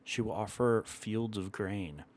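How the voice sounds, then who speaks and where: A man reading the lines of an ancient male god who gives calm, exact instructions in a measured, instructive way. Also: on the low side.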